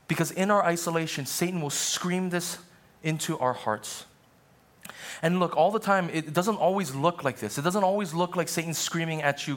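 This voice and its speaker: Earnest male pastor, slightly high voice. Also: expressive, normal speed, fairly bright tone. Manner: earnest, conversational with asides to the congregation. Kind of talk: sermon.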